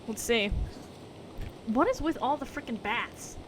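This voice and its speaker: Lively young woman streaming a game. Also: a little high, a little slow, background noise. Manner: chatty, laughs often, exclaims at game mishaps. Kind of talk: casual gameplay commentary.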